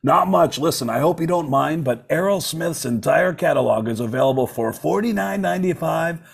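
A man doing a comic impression of a smug middle-aged rock star who talks slowly and deadpans a sales pitch. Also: animated, gravelly, husky, full character voice.

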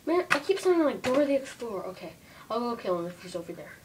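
A woman doing a playful comedy skit for viewers, excitable and jumpy, with shrieks and hushed asides. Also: fairly high pitch, fast, distant mic, poor audio. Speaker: video creator. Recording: faint room noise, voice a bit off-mic.

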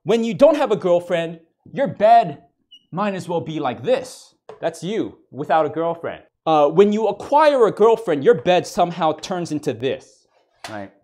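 A man's voice: high-pitched, big pitch swings, unhurried, a little mellow. A man giving a comedic mock lecture, ranting in exasperation and stammering over repeated words. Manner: mock-serious professor persona.

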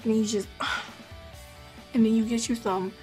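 A woman's voice: fairly high pitch, little pitch movement, darkish tone, faint music behind. Chatty young woman from Atlanta. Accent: Atlanta Southern American. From Atlanta, Georgia, US. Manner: chatty, fast-talking, lots of "like". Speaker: vlogger. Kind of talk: casual chat to camera.

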